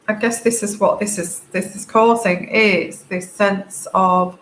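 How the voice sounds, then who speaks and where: A woman giving a tarot reading to camera, tearful and crying, talking haltingly with many fillers and restarts. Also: mid-range voice, steady tone, fairly bright tone. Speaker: tarot reader. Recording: echoey room, faint background noise.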